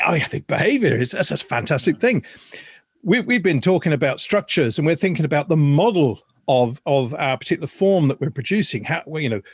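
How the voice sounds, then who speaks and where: A man's voice: a little high, slightly rough, no room sound, studio quality. A man hosting a podcast, speaking in a rambling, hesitant, reflective way and laughing easily. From Ireland. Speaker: podcast host. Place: video call.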